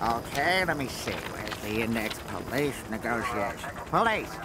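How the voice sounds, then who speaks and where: An actor voicing a bumbling cartoon police officer who sounds falsely confident and rambles. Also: male voice, medium pitch, sing-song, moderate pace, noisy background, lightly acted.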